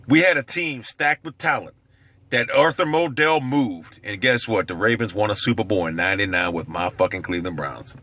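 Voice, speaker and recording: Male vlogger, brash profane sports rant, sharp forceful voice. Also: normal speed. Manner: brash, swearing, lively pitch swings.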